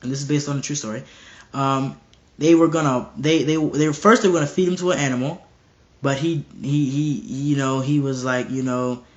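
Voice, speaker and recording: Heard on a dull lo-fi recording, this preacher talks fairly quickly in a mid-range voice. His style is casual, earnest, and animated, with frequent stumbles and repeated words plus occasional bold acted-out dialogue.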